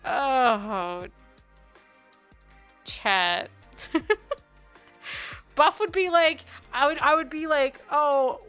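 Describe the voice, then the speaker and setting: Young female streamer, high and bright, rambling and laughing, bursts of playful shouting. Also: very slow, pauses often. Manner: giggly, rambling, bursts into loud playful yelling. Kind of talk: casual live-stream chat with viewers. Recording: faint music behind.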